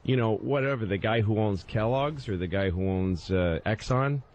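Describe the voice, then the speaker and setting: A man's voice: on the low side, normal speed, darkish tone, a little hiss or hum. A man co-hosting a talk show, telling a story in casual comedic chat and acting out the people in it. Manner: storytelling, acts out scenes in put-on voices. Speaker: radio show co-host.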